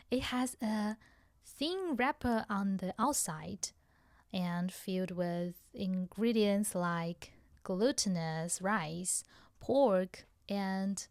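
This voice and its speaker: A woman with a Chinese accent co-hosting a podcast, teaching slowly and repeating words carefully for learners. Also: medium pitch, dry recording, clean studio sound. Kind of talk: slow language lesson chat.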